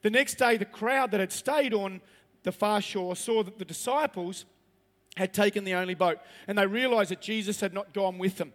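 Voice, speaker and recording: A man's voice: high voice, normal speed, a bit bright, in a large hall. A man preaching a sermon as pastor, reading scripture aloud and then pressing his points with rising emphasis.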